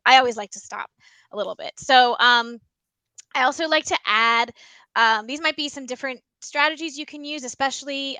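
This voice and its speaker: A woman librarian walks teachers through ways to use a picture book in class. Her voice is bright and a little high. She speaks in a loose, chatty way with frequent ums, recorded dry and close indoors. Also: dry recording, low-quality recording. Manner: chatty, many ums, explains by example. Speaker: school librarian. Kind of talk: teaching tips with a read-aloud.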